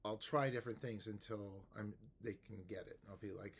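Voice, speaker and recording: A man who teaches music, explaining a method to the camera in a relaxed, rambling way with many fillers and restarts. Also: fairly low pitch, brisk, husky. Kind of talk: casual instructional talk to camera.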